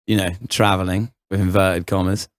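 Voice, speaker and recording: A man's voice: low-pitched, little pitch movement, normal speed, dry recording, studio quality. A young man on a podcast, telling a rambling anecdote full of fillers and laughs. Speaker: podcast co-host. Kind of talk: casual chat, storytelling.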